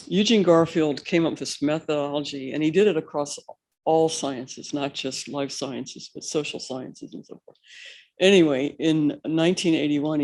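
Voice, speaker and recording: Man, slightly high voice, rambling panel storyteller, lots of ums. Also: a little mellow. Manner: rambling anecdotal storytelling with fillers. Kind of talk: recounting institute history at a panel.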